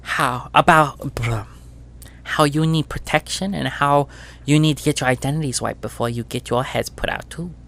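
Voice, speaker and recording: A man's voice: medium pitch, normal speed, creaky, pitched above the performer's own voice. A man voicing a mean, sweetly menacing middle-aged crime boss woman with a nasal, rusty, syrupy voice in a tabletop game. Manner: soft, purring and threatening, with small stumbles.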